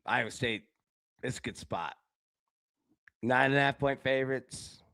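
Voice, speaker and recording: A man of middle pitch hosts a live sports betting show in a lively, casual way, calling out to viewers by name. He jumps from loud, excited bursts to quiet, low asides. The sound is dry and close, with almost no room echo. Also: measured pace, gravelly, clean tone. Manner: talks directly to chat viewers by name. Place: indoor room with a window.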